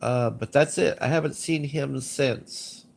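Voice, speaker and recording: A man's voice: medium pitch, unhurried, gravelly, darkish tone, slight background noise. A man with a stuffy nose casually chatting on a livestream, rambling, repeating himself and giving blunt opinions. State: congested sinuses. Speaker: livestream host. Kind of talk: casual livestream chat, reading chat.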